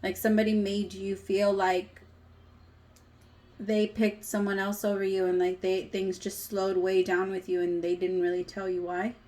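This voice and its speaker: A woman's voice: medium pitch, completely flat delivery, normal speed, darkish tone. A woman in her thirties giving a casual tarot reading, chatty and emotional, with some casual swearing. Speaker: tarot reader.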